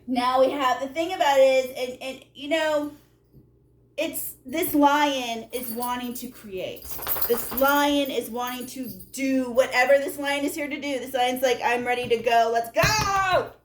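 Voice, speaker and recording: A woman's voice: high voice, a little slow. Emphatic woman giving a casual tarot reading. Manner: animated, emphatic, repeats "okay?" to the viewer; blunt and salty, talks straight to the viewer. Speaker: tarot reader.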